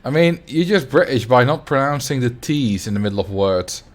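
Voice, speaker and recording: A man's voice: mid-range voice, animated, normal speed. Chatty man streaming a game. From Netherlands. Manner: chatty, laughs often, mutters while building. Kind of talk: casual livestream commentary.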